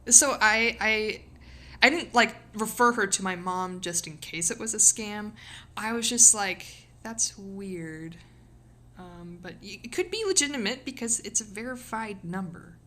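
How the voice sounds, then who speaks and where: A woman's voice: mid-range voice, lively intonation, moderate pace, sharp tone, slight background noise. A young woman streamer chatting casually and rambling, giggling often, with lots of fillers and a slightly sore voice. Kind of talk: casual live-stream chat.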